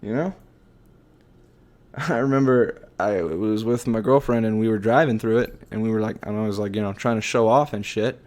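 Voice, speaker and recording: A man hosting a casual podcast, ranting in a profane, animated way and laughing often. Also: on the low side, moderate pace. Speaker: podcast host. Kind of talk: casual solo rant.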